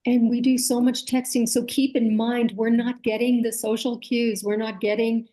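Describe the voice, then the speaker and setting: A woman co-hosting a coaching talk, speaking in a measured, reflective way about posture and texting. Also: fairly high pitch, flat delivery, dark tone, poor audio. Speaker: co-host coach. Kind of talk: casual educational chat.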